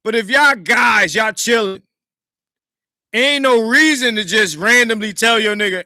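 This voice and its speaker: Host type: man, high and very bright voice, emphatic casual commentary, dry close mic. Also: a little slow, no echo. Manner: animated, emphatic, swings between loud and hushed. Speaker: podcast host reacting to a clip.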